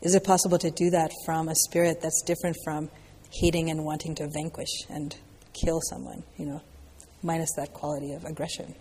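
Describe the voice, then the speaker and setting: Mellow breathy woman teaching in a hall. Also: sits low, little pitch movement, fairly quick, few pauses. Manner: reflective, loose, peppered with "you know" and "like". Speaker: dharma teacher answering questions. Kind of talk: casual dharma talk Q&A.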